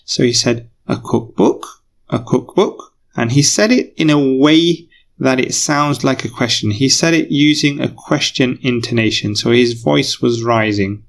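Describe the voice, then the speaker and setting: Gravelly-voiced man teaching patiently. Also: medium pitch, normal speed, a little hiss or hum. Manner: patient, repeats key phrases. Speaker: English teacher. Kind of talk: recorded lesson explanation.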